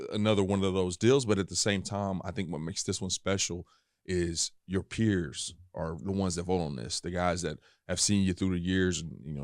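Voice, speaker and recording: A man's voice: low-pitched, no echo, studio quality. A man hosting a podcast interview, asking long questions with many fillers and admiring his guest. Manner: fills with um and you know, admiring. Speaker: podcast host.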